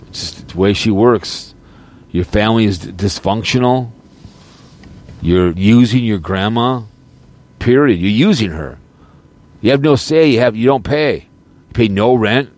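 A man's voice: lowish voice, a little mellow. A male streamer ranting in a monologue, firing repeated accusatory rhetorical questions. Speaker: streamer and podcast host.

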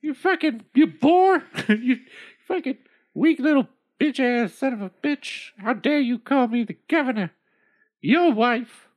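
A greedy old woman drunk on power, cursing and ordering everyone about in a comic storybook reading. A performer plays her in a raised voice with wide, lively swings of pitch. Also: moderate pace, lightly acted. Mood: domineering. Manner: foul-mouthed, shouting orders. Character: greedy bossy old woman turned ruler.

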